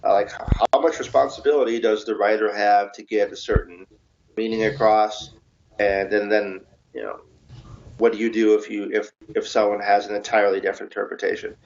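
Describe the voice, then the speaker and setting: A man being interviewed as an author, talking in a relaxed, chatty way with self-mocking humor. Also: lowish voice, a little fast. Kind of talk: casual interview answers. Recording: dull lo-fi recording.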